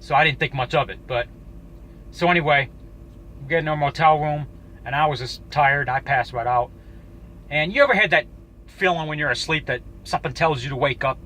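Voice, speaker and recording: A man telling a personal story to camera in a casual, halting way, swearing often and restarting his sentences. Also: a little high, pushed and bright, slight background noise, low-quality recording. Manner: profane, halting, with frequent restarts. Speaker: YouTuber.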